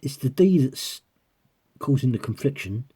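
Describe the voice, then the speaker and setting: A man's voice: mid-range voice, animated, a little slow, warm tone, slightly rough. A man vlogging as a coin collector, chatting casually to viewers and breaking into giggles as he rambles on. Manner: giggly, keeps breaking into laughter; rambling, talking while peering through a magnifier.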